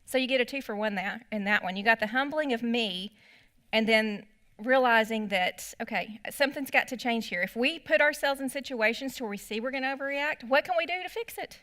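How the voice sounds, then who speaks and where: A woman's voice: fairly high pitch, a little fast, a bit bright. A middle-aged woman, telling stories in a church parenting class and acting out her own remarks. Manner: chatty storytelling with quoted asides.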